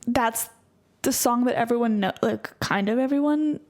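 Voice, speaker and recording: A woman co-hosting a podcast in casual chat, talking quickly with lots of "like" fillers. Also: fairly high pitch, a little mellow. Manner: chatty, frequent "like" fillers. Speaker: podcast co-host.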